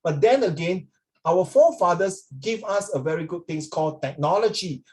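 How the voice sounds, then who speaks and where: Rambling male teacher, slightly high voice. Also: a little mellow. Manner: rambling, often checks in with students; mixes in Mandarin phrases. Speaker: English teacher. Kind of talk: classroom lecture.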